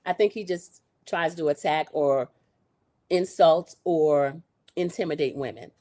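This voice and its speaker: A woman's voice: low-pitched, measured pace, mellow. A woman hosting a casual recap, retelling scenes with quoted dialogue and blunt opinions. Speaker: show recap host.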